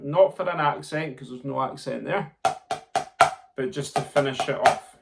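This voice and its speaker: A drum tutor gives a snare drumming lesson, counting aloud and vocalizing the rhythms over loud music and the sound of a snare drum. His voice is medium-pitched with vocal fry, and he speaks at a normal speed with long pauses. The recording has loud background noise.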